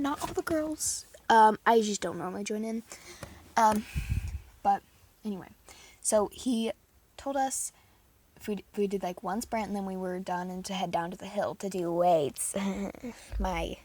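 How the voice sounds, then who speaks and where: A woman's voice: medium pitch, measured pace, slight background noise. A teenage girl vlogging in casual chat, rambling and giggling as she tells stories. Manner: giggly, rambling, animated storytelling.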